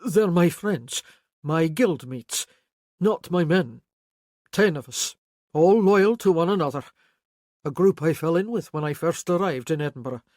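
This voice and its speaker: Narrator doing a remorseful older Highland man, earnest, pleading, middle pitch, dry close sound. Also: lively intonation, a little slow, darkish tone, dry recording, lightly acted. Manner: earnest, pleading, guilt-ridden. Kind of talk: audiobook character voice.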